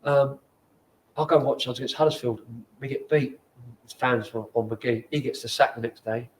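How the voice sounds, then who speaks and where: A man in his forties with a London accent, a former footballer telling stories in casual chat in a bar, animated and swearing often. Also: mid-range voice, normal speed, a little hiss or hum. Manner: animated, swears often, acts out quoted people. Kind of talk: casual storytelling.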